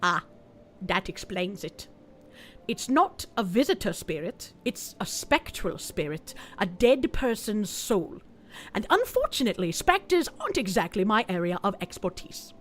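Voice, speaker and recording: A woman voicing a theatrical TV-style phone psychic in a put-on accent, speaking in slow, solemn pronouncements. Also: medium pitch, big pitch swings, a bit bright, voice pushed down. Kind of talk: game character voicing.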